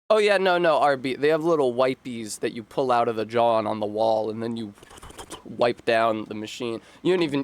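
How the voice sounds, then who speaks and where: A man streaming a game who chats loosely with viewers. He rambles and wanders from thought to thought, filling gaps with ums and restarts, in a voice of middling pitch. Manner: rambling, chatty, full of fillers and self-interruptions. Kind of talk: casual chat while live-streaming a game.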